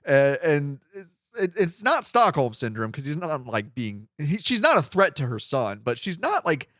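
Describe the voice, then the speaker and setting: A man chatting casually as a podcast co-host, rambling along and acting out the lines he quotes. His pitch sits a touch high and swings widely. The sound is dry and close. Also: moderate pace, dry recording. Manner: rambling, animated, acts out quotes.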